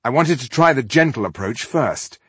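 A man voicing a gentle, coaxing male adventurer. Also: mid-range voice, animated, normal speed, husky, no echo, voice pushed up.

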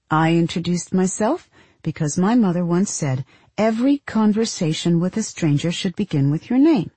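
Brief: husky female narrator, dark and low, deadpan audiobook read, dry close sound. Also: no echo. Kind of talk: audiobook narration of literary fiction.

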